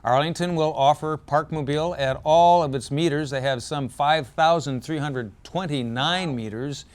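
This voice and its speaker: A man hosts a community news program and reads the local stories. He keeps it loose and joking, fills pauses with "uh" and corrects himself as he goes. His voice is going hoarse. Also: on the high side. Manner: relaxed, joking, with fillers and self-corrections. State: losing his voice. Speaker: news show host.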